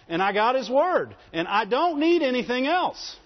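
High-voiced preacher man in an echoey hall. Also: very animated, moderate pace. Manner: emphatic, calls for audience response. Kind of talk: sermon. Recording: echoey hall, dull lo-fi sound.

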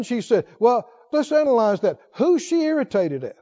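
A man with a high voice preaches a sermon, moving between quiet storytelling and loud emphasis. The recording sounds dull and lo-fi. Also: sing-song, normal speed, big-room sound. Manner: storytelling, swings between soft low asides and loud emphatic lines.

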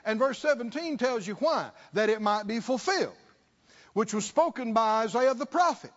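Delivered at a moderate pace, the sermon comes from a man whose voice is very high and full of expression. He drives his message home with repetition, rhetorical questions and calls for responses from the congregation, heard through a dull lo-fi recording.

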